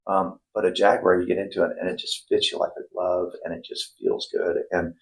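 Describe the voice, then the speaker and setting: A man's voice: sits low, little pitch movement, a little fast, creaky, poor audio. A middle-aged man, a former plumber turned investor, talking casually in an interview with lots of fillers and restarts. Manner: rambling, many restarts and fillers.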